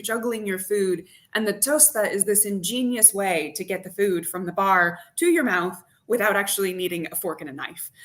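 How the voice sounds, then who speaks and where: A woman talking as a guest on a radio chat, keen and full of lively detail as she describes food and drink. Her pitch sits in the middle range. She sounds like a tour guide who enjoys her subject. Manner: enthusiastic, vividly descriptive. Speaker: wine expert and tour guide. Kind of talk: interview guest.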